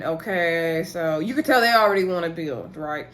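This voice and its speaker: A woman casually recapping a TV episode, telling the story in an animated way, acting out what people said and laughing often. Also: on the low side, normal speed, hardly any pauses. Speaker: recap host.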